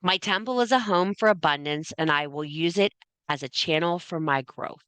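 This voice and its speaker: A woman teaches a spiritual class in a forceful, lowish voice, talking casually and swearing freely. She drives her points home by repeating phrases, and the recording is close and dry. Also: moderate pace, clear, resonant tone, no room sound. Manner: casual, blunt and frequently profane; emphatic, repeats phrases for effect.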